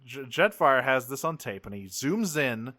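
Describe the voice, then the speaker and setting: A man's voice: mid-range voice, no room sound. A man co-hosting a podcast, recapping a cartoon episode in casual profane chat and acting out the characters' lines. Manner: profane, animated, acts out characters in quick voices. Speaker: podcast co-host.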